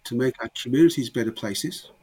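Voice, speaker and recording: A man speaks in an interview with a husky, slightly breathy voice. He talks with emphasis, often repeating a word as he restarts a thought. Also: medium pitch, a little fast, mellow. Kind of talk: conversational interview.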